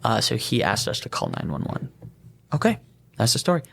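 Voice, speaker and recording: A young man co-hosting a podcast, telling an animated work story and laughing as he goes. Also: on the low side, brisk, vocal fry, breathy edge. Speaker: EMT podcast co-host. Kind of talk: casual storytelling chat.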